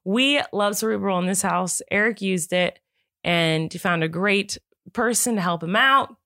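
A woman in her thirties, from Santa Barbara, co-hosting a podcast in casual chat, giggly and animated as she tells stories. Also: medium pitch, unhurried, no room sound, studio quality. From Santa Barbara, California. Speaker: podcast co-host.

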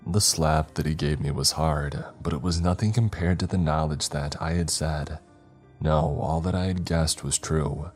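Deep deep voice guy reading a scary story, steady pace, faint music under it. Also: moderate pace. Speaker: narrator. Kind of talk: scripted horror story narration.

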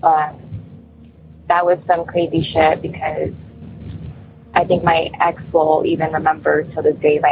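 A woman's voice: low-pitched, creaky. A woman calling in to tell a personal story, rambling with lots of fillers. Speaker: caller. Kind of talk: casual phone-in storytelling. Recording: tinny phone line with faint hiss.

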